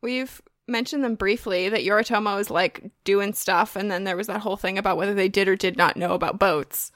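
A woman's voice: medium pitch, fairly even intonation, a little fast, a bit bright, dry recording, clean studio sound. A woman co-hosting a podcast in casual chat, joking, laughing often and swearing freely. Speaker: podcast co-host.

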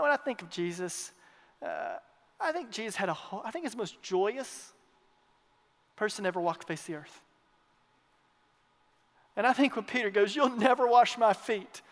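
A man preaching a sermon as pastor, emphatic, swinging between loud declarations and hushed asides, repeating his phrases. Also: sits high, lively intonation, moderate pace, pauses often. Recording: long reverb of a large hall.

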